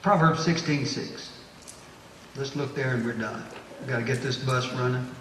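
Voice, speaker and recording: A man, a pastor preaching a sermon to his church group, exhorting and repeating phrases as he builds to loud, emphatic bursts. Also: mid-range voice, moderate pace, a little hiss or hum. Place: church hall. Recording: echoey hall, distant mic.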